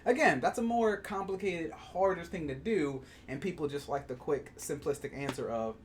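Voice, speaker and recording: A man's voice: on the high side, animated, normal speed. A man co-hosting a podcast in casual chat, thinking aloud with plenty of fillers. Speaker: podcast co-host.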